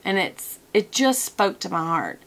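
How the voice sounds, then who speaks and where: A woman chats to camera from her desk in a loose, rambling vlog, drifting from one tangent to the next. Her voice sits at an ordinary middle pitch, easy and conversational, with plenty of ums along the way. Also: big pitch swings, a little slow, vocal fry, a bit bright. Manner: chatty, wanders off on tangents, many fillers. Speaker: product review vlogger.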